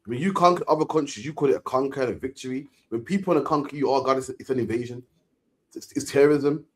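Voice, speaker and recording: An Englishman with a slightly high voice rattles through his points at speed. He talks emphatically and in long, ranting runs, as an interviewer keeping a casual discussion going. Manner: emphatic, ranting, repeats "man" at line ends.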